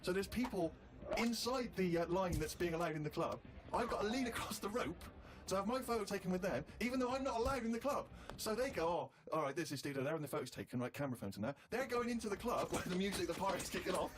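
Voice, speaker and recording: A man's voice: sits high, animated, fast talker, hardly any pauses. A man co-hosting a radio comedy show, telling rambling, self-deprecating anecdotes full of quoted exchanges. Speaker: co-host. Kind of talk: casual comic storytelling.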